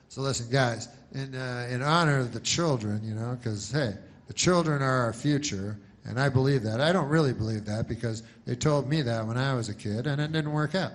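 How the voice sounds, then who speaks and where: A man doing a stand-up set, deadpan and halting, with many false starts. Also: medium pitch. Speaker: stand-up comedian.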